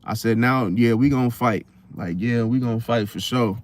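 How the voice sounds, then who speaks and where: A young man, casually telling a personal story in slangy, animated talk. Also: mid-range voice, moderate pace. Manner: slangy, animated retelling, acts out quotes.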